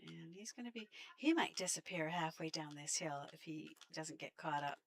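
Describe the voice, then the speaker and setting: A woman's voice: low voice, animated, normal speed. A Canadian woman with a Canadian accent, chatting casually while playing a game and talking to the enemies on screen. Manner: chatty, laughs often, talks to enemies. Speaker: game streamer. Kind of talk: casual gameplay commentary.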